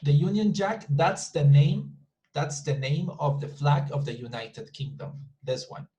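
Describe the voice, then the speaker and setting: A man's voice: on the high side, a little slow, dark tone, low-quality recording. Man teaching an English class. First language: Spanish. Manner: repeats words to model pronunciation, many restarts. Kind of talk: online class explanation.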